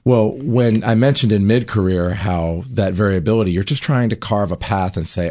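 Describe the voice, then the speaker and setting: A man's voice: lowish voice, a little fast, few pauses, a little mellow. A man co-hosting a radio advice show, explaining retirement savings in an easygoing way. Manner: explanatory, easygoing, laughs readily. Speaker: radio co-host, retirement planner.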